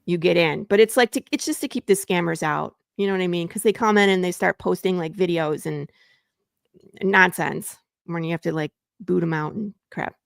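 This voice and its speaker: A woman from Michigan hosting a casual talk show, chatty and quick to jump between topics. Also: on the low side, vocal fry, no echo, clean studio sound. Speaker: podcast host. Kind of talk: casual chat.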